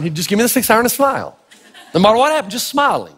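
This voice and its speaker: A man from Tennessee preaching a sermon, telling folksy, humorous stories in an animated way. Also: sits high, racing, slight background noise. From Tennessee, United States. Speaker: pastor. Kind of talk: sermon with storytelling. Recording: echoey hall.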